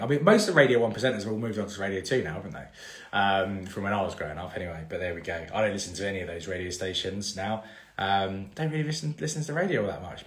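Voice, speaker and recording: A chatty man, talking through a casual live-stream Q&A in a fairly low voice. He rambles a little, restarts sentences and leans on fillers. The sound carries an echoey room, picked up on a phone. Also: a bit bright. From England. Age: 30s. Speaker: mortgage broker hosting a live Q&A.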